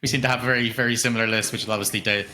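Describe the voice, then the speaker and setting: A man's voice: medium pitch, steady tone, racing, sharp tone. A middle-aged man co-hosting a podcast, chatting in an easygoing way. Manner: brief interjections, easygoing. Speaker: podcast co-host. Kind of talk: casual movie review chat.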